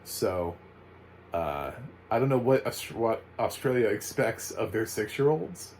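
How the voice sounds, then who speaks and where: An American man giving a casual, chatty spoken film review, full of animated asides and fillers. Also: fairly low pitch, a little slow, slight background noise, rough recording. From United States. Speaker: movie reviewer.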